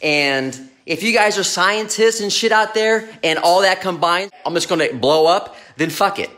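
A man talking in an unscripted vlog from his home garage, brash, loud and hyped, swearing constantly. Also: high-pitched, moderate pace. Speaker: mindset coach and vlogger. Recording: roomy garage echo.

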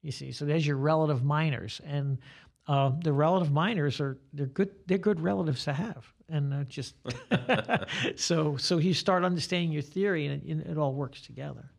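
An older man, a guitar teacher, talking in a relaxed podcast chat and rambling through examples as he explains. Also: a little high, normal speed, vocal fry. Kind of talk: casual podcast conversation.

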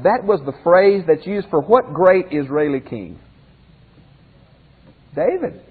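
Leading a group Bible class in a church hall or classroom, a pastor talks conversationally, poses questions, and restarts his phrases. He has a high, husky voice with big pitch swings, an unhurried pace, and long pauses, heard through lo-fi, phone-like audio in a reverberant space.

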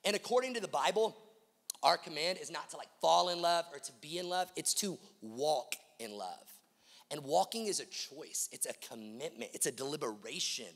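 A man preaching a sermon as pastor, swinging from hushed lines to loud, emphatic repetition and asking the congregation direct questions. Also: fairly high pitch, animated, normal speed, in a large hall. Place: large church auditorium.

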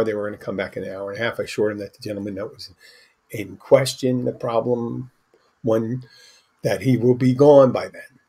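A man with a somewhat low, husky voice tells a long story from behind the bar. His delivery is casual and rambling, full of restarts and asides, like a podcast host chatting into the mic. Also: darkish tone.

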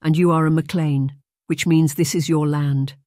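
A woman's voice: sits low, fairly even intonation, moderate pace, mellow, dry recording, studio quality, close to an everyday voice. A narrator voicing a dignified noble lady who speaks formally, trying to keep her composure. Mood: earnest. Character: noble English lady, composed yet shaken.

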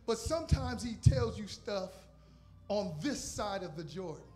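A man's voice: sits high, expressive, a little slow, a little mellow. A man in his fifties preaching a sermon as pastor, emphatic, repeating lines for emphasis. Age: 50s. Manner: emphatic preaching with repetition and call-outs.

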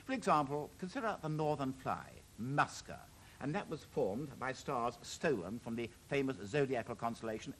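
A man's voice: medium pitch, a bit bright, slight background noise, rough recording. A man in his sixties presenting an educational television programme, enthusiastic and chatty, with wry humorous asides.

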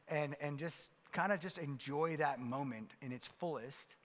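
A pastor preaches in a fairly high, bright and forceful voice. His delivery is loose and conversational, full of fillers and restarts, and his words ring out with a long reverb in a church sanctuary. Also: a little slow, hardly any pauses. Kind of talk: sermon.

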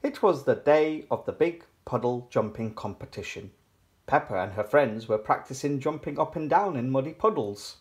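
A man's voice: mid-range voice, expressive, moderate pace. A man reading a children's picture book aloud in a cheerful storytelling voice. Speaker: storybook reader.

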